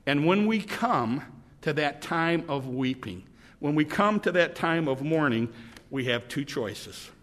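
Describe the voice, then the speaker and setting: A man's voice: on the high side, fairly bright tone, in a large hall. Brief: emphatic male preacher, stumbling repeats, ringing tone. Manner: emphatic, repetitive, stumbling restarts. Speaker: pastor. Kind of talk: sermon.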